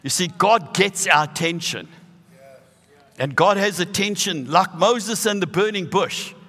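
A man in his sixties with a South African accent, preaching a sermon with animated, emphatic bursts. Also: high voice, unhurried, long reverb tail. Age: 60s.

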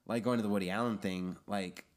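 A man talking as a guest on a podcast, loose and chatty, with a slightly low-pitched voice. He strings his thoughts together with a constant "like". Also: steady tone, brisk. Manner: chatty, fills speech with "like". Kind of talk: casual chat.

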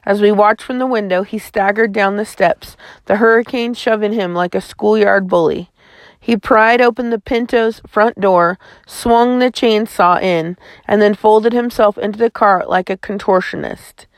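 A woman's voice: mid-range voice, normal speed, no room sound. A woman reading a chapter book aloud in a folksy first-person storytelling manner, close to the mic. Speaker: audiobook narrator.

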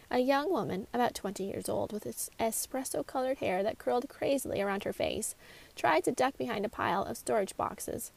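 A woman narrates her own mystery story in a measured, expressive reading. Her voice is a little high with a noticeable gravelly fry running through it.

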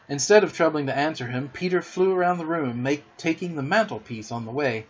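Male storyteller-host, gentle, expressive read-aloud; husky, slightly high voice. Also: fairly quick, hardly any pauses, highs cut off. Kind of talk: storybook reading.

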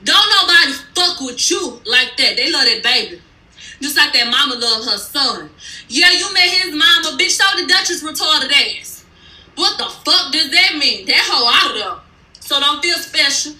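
A woman's voice: sits high, expressive, moderate pace, bright, forceful tone, roomy sound, poor audio. A woman giving a blunt, profane, sassy recap of a reality TV episode in casual speech.

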